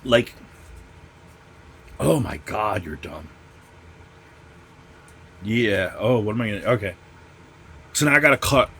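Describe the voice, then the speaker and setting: A man's voice: on the low side, lively intonation, takes it slowly, pauses often, sharp tone, a little hiss or hum. A man hosting a casual comic book unboxing vlog, ranting with constant profanity and sarcasm. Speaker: comic channel host.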